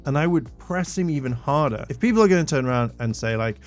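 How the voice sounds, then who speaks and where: A man's voice: a little high, animated, fairly quick, soft background music. A man giving an exasperated, indignant commentary rant to his channel's viewers, swearing when worked up. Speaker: commentary YouTuber. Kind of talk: ranting commentary.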